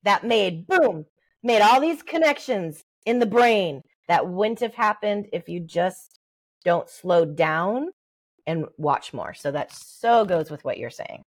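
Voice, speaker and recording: Animated woman explaining baby talk. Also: fairly low pitch, slow. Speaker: guest, early development expert. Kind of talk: conversational advice, podcast interview.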